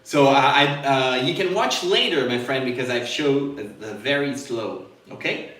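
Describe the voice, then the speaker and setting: A man's voice: medium pitch, expressive, unhurried, echoey room, recorded from a distance. A man teaching jazz guitar in a live lesson, explaining step by step, stopping to demonstrate on the guitar and checking in with "okay?".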